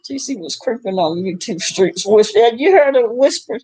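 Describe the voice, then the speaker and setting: A middle-aged woman chatting casually about online drama, animated and laughing often. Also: normal speed, slightly rough, no echo, low-quality recording. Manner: animated, laughing often, rising into high exclaims. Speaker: livestream commentator.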